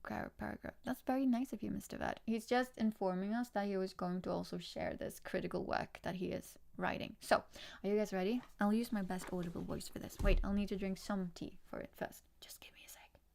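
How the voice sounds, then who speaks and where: A young woman chats her way through a late-night card reading for her viewers, wandering off on tangents and laughing often. Her voice carries a gravelly vocal fry, sitting at an ordinary middle pitch for a woman. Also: fairly even intonation, brisk, few pauses, darkish tone. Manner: chatty and easily distracted, laughs often. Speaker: tarot card reader. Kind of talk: casual livestream chat with viewers.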